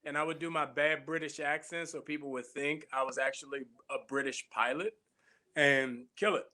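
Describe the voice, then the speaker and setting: A man talks in a casual interview, lively and playful as he spins a story. His voice sits fairly high and sounds bright and forceful. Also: moderate pace. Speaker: actor being interviewed. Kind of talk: casual chat.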